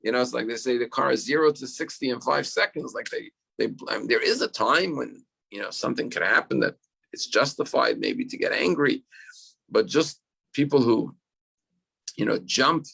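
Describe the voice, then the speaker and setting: A rabbi leading an online class, his middle-pitched man's voice heavy with gravelly fry. He tells his stories earnestly and often repeats a word before going on. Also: moderate pace, bright, forceful tone. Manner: storytelling, earnest, repeats words when restarting.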